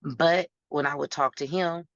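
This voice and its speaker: A woman's voice: low-pitched, fairly even intonation, a little slow, dry recording. A woman guest talking candidly and bluntly in an interview. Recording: dull lo-fi sound.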